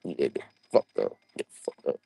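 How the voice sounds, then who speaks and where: A young man hosting a casual live-selling stream, profane and excitable as he pitches items while playing a game. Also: normal speed, no room sound. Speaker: livestream seller.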